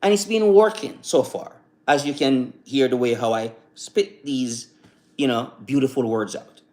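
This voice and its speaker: A man hosting a live stream, giving a casual motivational talk that rambles and repeats, full of "you know" fillers. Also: medium pitch. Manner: recites slow calm affirmations.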